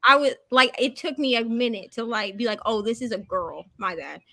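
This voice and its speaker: A woman's voice: fairly high pitch, normal speed, pushed and bright. A woman chatting casually with friends on a video call, telling stories and acting out her own reactions. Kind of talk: casual group video chat.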